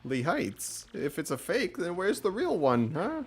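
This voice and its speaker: A man's voice: sits high, wildly swooping pitch, measured pace, breathy edge, pitched above the performer's own voice, exaggerated voice. A man doing a blustering posh villain. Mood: indignant.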